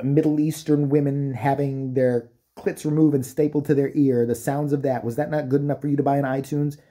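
A man rants into the camera for his vlog, cursing freely and mocking his subject as he goes. His voice is very dark and mellow, with a husky, slightly rough edge. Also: mid-range voice. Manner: profane, mocking rant with put-on impressions. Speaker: vlogger. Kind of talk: ranting commentary.

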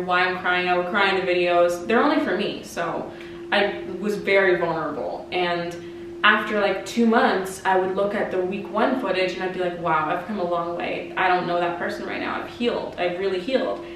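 With a fairly low pitch and a steady, moderate pace, a Canadian woman in her 20s confides candid breakup advice, peppering it with "like" and offhand swearing. She's a vlogger, and there's background noise in the clip. Her compact camera mic picks her up from somewhat far away in a room with echo.

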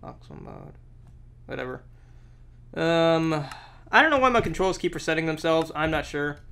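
Excitable young man, lively high voice. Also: normal speed, slight background noise. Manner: excitable, exclamatory, talks to the game. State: slightly sick, sore throat. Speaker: gameplay commentator. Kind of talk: let's play commentary.

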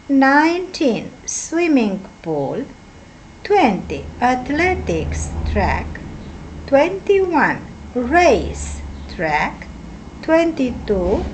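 A woman teaches English vocabulary, pronouncing each word carefully at a very slow pace. Her voice sits a little high and moves about a great deal in pitch. A faint noise hums behind her. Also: sing-song, rough recording. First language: Romanian. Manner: careful, deliberate word-by-word pronunciation. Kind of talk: slow lesson reading out word lists.

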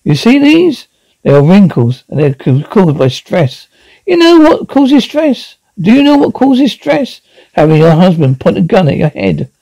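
A shrill, scolding housewife, played by a man in falsetto in a one-man radio horror play. The voice climbs high and swoops with indignation, while a gravelly rasp still shows through underneath. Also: sing-song, normal speed, dark tone, dry recording, full character voice, low-quality recording. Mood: exasperated. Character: shrill, exasperated middle-aged housewife.

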